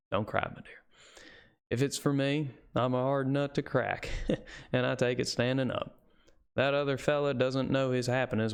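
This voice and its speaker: A man's voice: mid-range voice, gravelly, smooth, lightly acted. A man voicing a bluff, big-hearted American cowboy suitor with a hearty, folksy drawl and an American accent.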